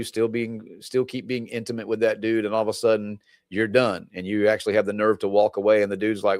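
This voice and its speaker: A man's voice: lowish voice, fairly even intonation, moderate pace, no room sound, clean studio sound. A male relationship coach talking casually to his viewers, rambling and often laughing. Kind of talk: casual livestream talk to viewers.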